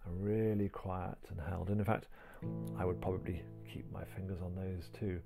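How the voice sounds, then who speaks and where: A man teaching a piano piece step by step. He talks gently while he plays and counts the beats aloud. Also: deep voice, level tone, moderate pace, gravelly. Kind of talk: piano tutorial, talking while playing. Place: indoors at a piano. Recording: talk over loud piano playing.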